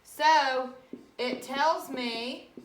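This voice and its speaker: A woman teacher giving a recorded reading lesson, talking slowly and patiently and spelling words out letter by letter. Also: high voice. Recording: echoey room.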